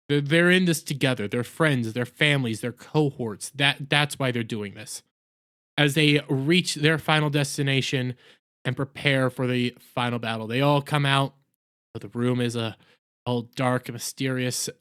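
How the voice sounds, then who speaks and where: A man with a somewhat high voice talks through an anime episode in a loose, unscripted way. He rambles, fills gaps with "uh" and "you know," and keeps correcting himself as he goes. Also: fairly bright tone, clean tone. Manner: rambling, with frequent fillers and self-corrections. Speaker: anime reviewer. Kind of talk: casual episode recap.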